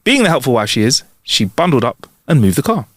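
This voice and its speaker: A man's voice: medium pitch, big pitch swings, fairly quick, no room sound, clean studio sound. A man, co-hosting a podcast and reading out jokes in a casual, laughing, rambling way. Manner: jokey, laughs often, rambling asides. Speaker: podcast co-host.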